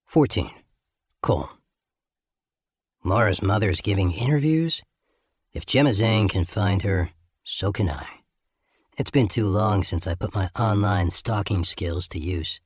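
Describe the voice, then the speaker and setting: Low, husky male audiobook narrator. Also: a little slow, long pauses, no echo, clean studio sound. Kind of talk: first-person audiobook narration.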